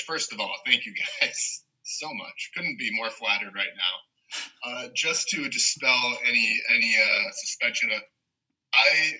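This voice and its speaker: A man's voice: fairly low pitch, pushed and bright. A young man telling a rambling story in casual chat on a podcast, laughing often. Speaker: podcast co-host. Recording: dull lo-fi sound.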